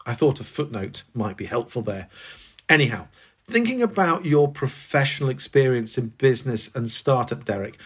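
A male podcast host asking measured, formal interview questions. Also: medium pitch, slightly rough.

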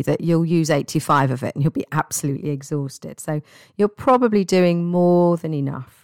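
A woman giving a guided self-help talk as a wellbeing coach, speaking in a gentle, encouraging and reassuring way. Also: low-pitched, no echo, clean studio sound.

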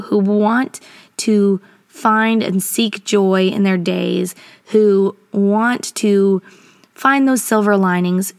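A woman's voice: medium pitch, no echo. A woman educator hosting a casual advice podcast, talking in an earnest, encouraging way from a small closet at home.

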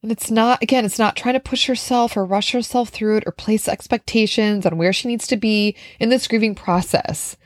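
Earnest woman podcast host, slightly high. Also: fairly even intonation, moderate pace, hardly any pauses, no room sound, studio quality. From Minnesota, USA. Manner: earnest, heartfelt, conversational with fillers. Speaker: podcast host and nutrition coach. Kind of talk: reflective solo podcast monologue.

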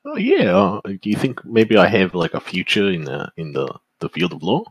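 A man playing a boastful, bumbling character in a tabletop role-play, rambling with many fillers and sounding gravelly and husky. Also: sits low, huge pitch swings, moderate pace, no echo, heavily acted.

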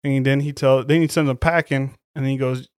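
A man co-hosting a casual chat, retelling movie scenes in a profane, animated way. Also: mid-range voice, brisk, smooth, no echo, clean studio sound. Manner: profane, animated storytelling with quoted voices. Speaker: podcast co-host.

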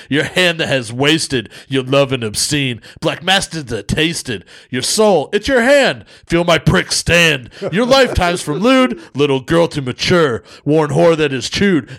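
Man playing a loud brash comic reciting verse, pitched high and punchy. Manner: shouty, punchy comic delivery. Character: brash loud male stand-up comedian reciting. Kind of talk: comic poetry reading.

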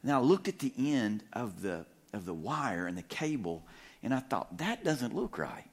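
A middle-aged man preaching in a church, telling a humorous story with animated, self-deprecating delivery and frequent chuckles. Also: lowish voice, normal speed. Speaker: guest preacher. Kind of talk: storytelling sermon. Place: church sanctuary.

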